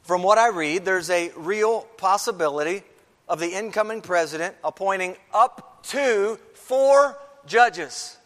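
Male pastor, slightly high voice, emphatic sermon delivery, church hall with long reverb. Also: animated, measured pace, fairly bright tone. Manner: emphatic preaching with repeated phrases. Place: church sanctuary.

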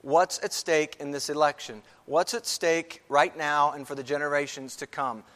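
Male pastor, slightly high voice, emphatic sermon delivery, church hall with long reverb. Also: steady tone, moderate pace, a bit bright. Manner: emphatic preaching with repeated phrases. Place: church sanctuary.

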